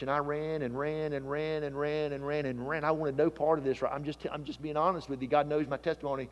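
A man preaching a sermon, building to emphatic repeated calls and dropping to quiet, earnest asides. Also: fairly high pitch, in a large hall, highs cut off.

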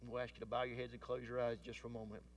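A man preaching a sermon, rising to emphatic declarations and then dropping to hushed tones. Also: medium pitch, level tone, racing, distant mic, a little hiss or hum.

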